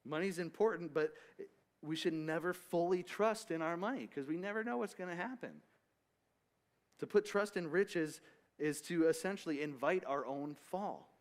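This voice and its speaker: Man teaching a casual Bible study. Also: a little high. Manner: casual, rambling with restarts and asides.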